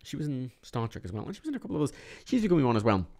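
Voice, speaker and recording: A young man casually reviewing films, rambling, swearing often, with sudden animated bursts and a tired edge. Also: medium pitch, rapid-fire. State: a bit tired. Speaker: film reviewer. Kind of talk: casual monthly movie review vlog.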